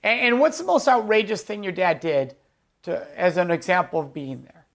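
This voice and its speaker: A man's voice: high-pitched, very animated, moderate pace, a bit bright. A man hosting a podcast interview, chatting conversationally, affirming his guest and asking questions. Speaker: podcast host. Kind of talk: casual interview chat.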